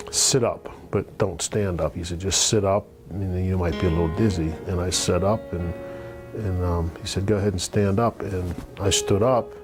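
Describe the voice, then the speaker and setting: A middle-aged man giving a halting testimonial in an interview, with many fillers and restarts. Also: low-pitched. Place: office. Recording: guitar music playing clearly underneath.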